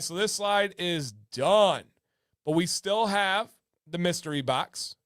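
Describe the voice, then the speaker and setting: A man hosts a giveaway livestream in a playful, sing-song way, hyping viewers and calling out names from the chat. His voice sits high and comes through smooth and clear. The sound is dry and close, with no room echo. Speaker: livestream host.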